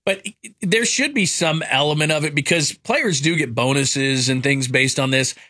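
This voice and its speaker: A man co-hosting sports radio, wry and quick to laugh. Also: on the high side, bright, forceful tone. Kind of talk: casual sports radio banter.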